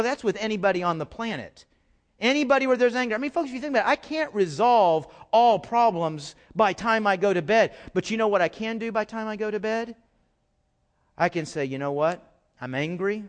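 Man, middle-aged, pastor, sermon, high-pitched, emphatic, repeats words for stress. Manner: swings from loud emphatic outbursts to low quiet asides; repeats words and restarts when stressing a point.

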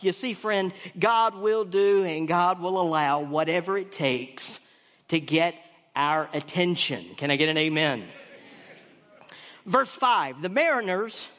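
A male pastor delivers a sermon with emphatic, repetitive phrasing. His voice sits high for a man. It rings with the long reverb of a church hall. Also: animated, slow pace, a bit bright.

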